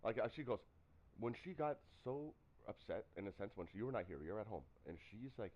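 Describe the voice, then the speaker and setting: A man chatting casually on a live stream, telling stories in an animated way and acting out what people said. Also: lowish voice, a little fast, muffled recording. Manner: animated storytelling, acts out quotes. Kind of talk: casual chat.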